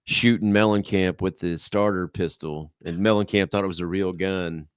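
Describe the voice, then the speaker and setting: A man co-hosts, reading out listener questions in an upbeat, quick way. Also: low voice, steady tone, clear, resonant tone, dry recording. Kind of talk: casual chat.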